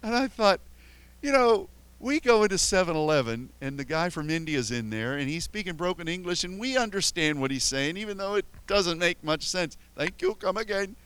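A man's voice: on the high side, expressive, moderate pace, fairly bright tone, smooth, rough recording. An older American man, a pastor, telling rambling, self-mocking stories with many restarts before his sermon. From United States. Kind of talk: anecdotal sermon storytelling.

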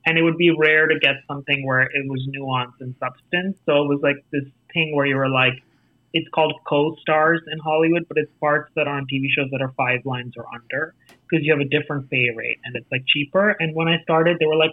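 A man with an American accent, an actor telling stories about his career in a casual interview, animated and acting out quoted voices. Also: on the high side, a little fast, no echo. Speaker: actor and festival jury guest. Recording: tinny phone-like line.

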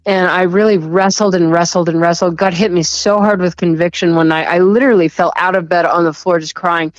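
A woman giving an earnest, halting personal testimony in conversation, often repeating words and laughing softly. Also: on the low side, fairly even intonation, dry recording, muffled recording. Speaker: guest sharing a testimony.

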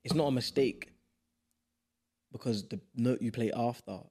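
A man's voice: medium pitch, a little slow, noisy background. A young man from South East London with a London accent, a podcast guest chatting casually and emphatically. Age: young adult. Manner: animated, emphatic, slangy. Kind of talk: casual chat.

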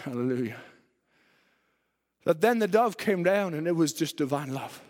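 A man preaching a fervent sermon in a church, swinging between loud, driven passages and quiet ones. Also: fairly high pitch, animated, normal speed. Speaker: pastor. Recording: long reverb of a church hall.

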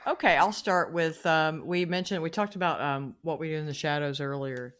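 A woman's voice: low-pitched, fairly even intonation, normal speed, a bit bright. A woman hosting a podcast, chatting in a bubbly way with many hesitations. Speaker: podcast host. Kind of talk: casual podcast chat.

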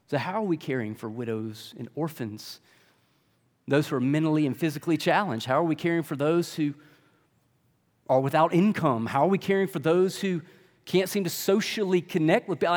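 A man preaching a sermon in a conversational style, full of rhetorical questions. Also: a little high. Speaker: pastor. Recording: long reverb of a large hall.

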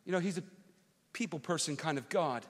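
A man preaching as pastor, telling an animated personal story that swings from loud rants to quiet, earnest reflection. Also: a little high, brisk. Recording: long hall reverb.

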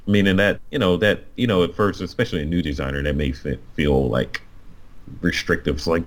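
A man talking casually as a podcast co-host, animated and self-mocking, full of fillers and restarts. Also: low voice, brisk. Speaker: co-host, designer and painter.

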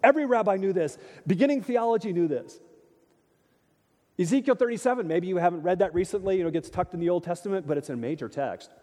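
A man preaching a sermon in a church, emphatic and animated, with rhetorical questions to the congregation. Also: high-pitched, quick pace. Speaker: pastor. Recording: long reverb of a large hall.

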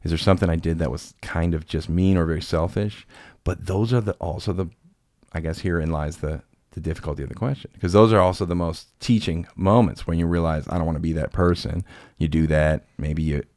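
A man's voice: deep voice, fairly even intonation, brisk, darkish tone, no room sound, studio quality. A man hosting a podcast, telling rambling, self-deprecating stories in casual chat. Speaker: podcast host.

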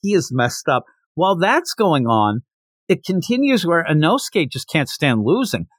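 Man, podcast host, higher voice, swooping lively delivery, dry close sound. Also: normal speed, no echo. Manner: animated storytelling, retells dialogue, laughs. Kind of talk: casual manga chapter recap.

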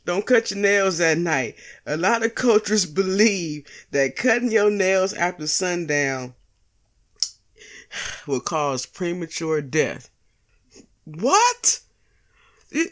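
Woman cussing thru her podcast, blunt and jokey, quick laughs. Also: medium pitch, a bit bright. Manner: profane, blunt and joking; slangy, laughs at her own lines. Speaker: podcast host. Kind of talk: casual solo podcast monologue.

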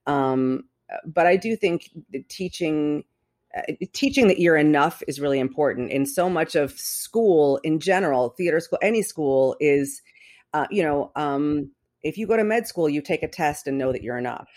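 A woman's voice: sits low, animated, moderate pace, darkish tone. A woman guest chatting casually on a podcast, rambling and restarting her sentences with a wry humor. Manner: rambling, self-interrupting, wry. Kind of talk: casual interview chat.

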